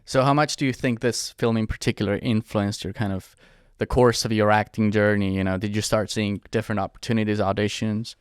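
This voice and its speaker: Lowish-voiced male podcast host. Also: fairly even intonation, smooth, dry recording, clean studio sound. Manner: attentive, quick affirmations. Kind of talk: interviewing.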